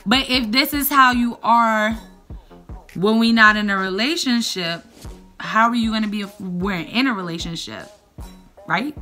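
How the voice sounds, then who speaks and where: A young woman telling a lively storytime vlog, calling out to her viewers as y'all. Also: a little high, a little slow, soft background music. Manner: animated, addresses viewers as y'all. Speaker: vlogger.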